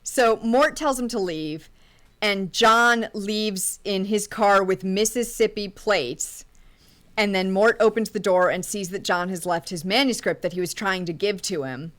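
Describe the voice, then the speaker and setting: A woman's voice: mid-range voice, measured pace, fairly bright tone. Chatty woman recapping a film. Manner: chatty, recaps scenes step by step with small laughs. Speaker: podcast co-host. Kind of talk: casual movie recap.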